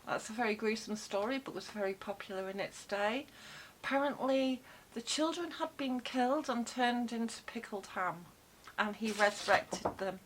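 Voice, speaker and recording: A woman's voice: a little high, moderate pace, few pauses, slight background noise, low-quality recording. A woman vlogging from home, chatting casually with many fillers and wry asides into a desk microphone. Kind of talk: casual rambling talk to camera. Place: home room with cats about.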